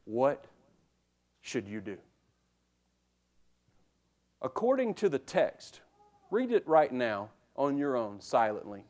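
A man preaching a sermon to a congregation, emphatic and addressing them directly, dropping to a hush and then rising loud, repeating words as he builds a point. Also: medium pitch, sing-song, slow pace, pauses often. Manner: emphatic, swinging from hushed to loud.

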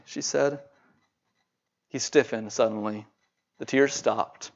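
An earnest male preacher retells a story in a sermon, his delivery unhurried and at times halting on repeated words. His voice sits at an ordinary pitch. The recording sounds dull and muffled. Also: steady tone. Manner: earnest, with halting repetitions when speaking freely.

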